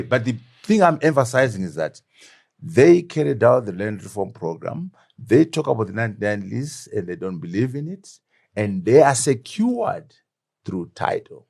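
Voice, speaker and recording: A man's voice: medium pitch, gravelly, darkish tone, husky. A middle-aged man from Zimbabwe, a former deputy prime minister, speaking as an interview guest, emphatic and fond of rhetorical questions. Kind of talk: animated political interview.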